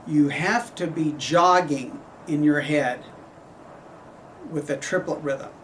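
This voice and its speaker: Man, horn professor, slow deliberate delivery, fairly high voice, heard from a distance, faint room ambience. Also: a bit bright, a little hiss or hum. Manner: measured, explanatory, sings phrases on syllables. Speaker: horn professor giving a clinic. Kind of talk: instructional clinic talk.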